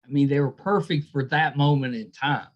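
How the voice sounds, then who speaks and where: A man's voice: mid-range voice, steady tone, moderate pace, highs cut off. A man hosting a podcast interview, friendly and agreeable, giving short replies and asking questions. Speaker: podcast host. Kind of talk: casual interview chat.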